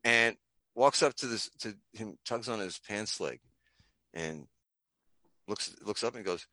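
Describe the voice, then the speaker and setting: A man guesting on a podcast, telling long stories and jokes in a loud, theatrical, rambling way. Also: lowish voice, unhurried, no room sound. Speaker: comic creator and guest. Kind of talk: animated storytelling and joke telling.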